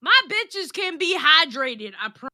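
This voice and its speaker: Bright-voiced, profane woman streamer. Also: high-pitched, very animated, unhurried, dry recording, clean studio sound. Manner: profane, blunt and gossipy. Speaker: livestream host reading chat. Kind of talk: casual livestream chat.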